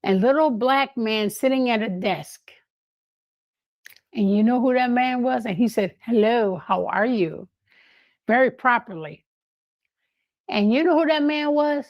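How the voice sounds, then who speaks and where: An older woman telling lively anecdotes in a casual way, laughing often and acting out what others said. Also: on the high side, unhurried, pauses often, no echo, highs cut off. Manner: animated, laughing, acts out quoted voices. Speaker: guest storyteller.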